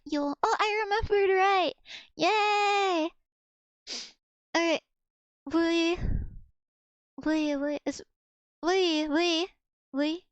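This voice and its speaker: A woman's voice: very high voice, slow pace, pauses often, dry recording, dull audio. A young woman streaming casually, chatty and self-mocking, filling her talk with "like" as she sounds out foreign words. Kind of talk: casual livestream chat, practicing Russian words aloud.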